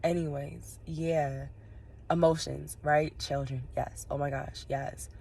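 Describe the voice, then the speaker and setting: A woman's voice: deep voice, fairly even intonation, slow, gravelly, darkish tone, slightly rough, no echo. A woman vlogging from inside her parked car, tearful and sniffling, rambling straight to her viewers and laughing through her tears. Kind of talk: casual vlog monologue.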